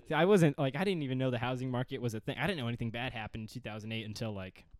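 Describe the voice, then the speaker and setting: A young man co-hosting a podcast in casual, irreverent banter through a close microphone. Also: medium pitch. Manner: quick banter, irreverent, lively delivery. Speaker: podcast co-host. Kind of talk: casual joking chat.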